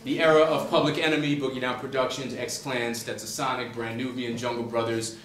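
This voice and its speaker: In an echoey university classroom, an animated author from the Boston suburbs gives a humorous storytelling lecture, conversational and packed with fillers. His mid-range voice moves fairly quickly, and the distant-mic recording carries faint ambience and a little hiss or hum.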